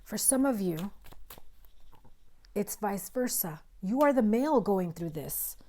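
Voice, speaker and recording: A woman reads tarot cards for her viewers in an earnest, direct way. Her voice is strained and rough as she recovers from illness, and she often drops to low mutters. A faint hiss runs under the recording. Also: expressive, slow pace, a little mellow. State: recovering voice, coughing. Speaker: tarot reader. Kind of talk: tarot reading to camera.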